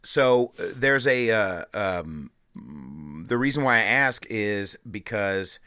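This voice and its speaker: A man's voice: lowish voice, big pitch swings, takes it slowly, pushed and bright, smooth, no echo. A man hosting a podcast in casual chat, rambling, cursing and cutting himself off, on a studio mic with a pop screen in a rented room. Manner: profane, rambling, self-interrupting. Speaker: podcast host.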